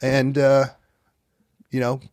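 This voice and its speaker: A man in his late thirties, a guest comedian telling stories in casual podcast chat, swearing freely and acting out quotes loudly. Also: mid-range voice, monotone, slow, dry recording. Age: 30s.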